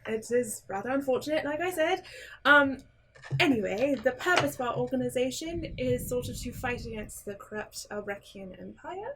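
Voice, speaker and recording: A woman's voice: sits high, expressive, moderate pace, background noise. Woman speaking formally in character. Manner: formal, polite speech. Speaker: player. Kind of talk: in-character tabletop role-play.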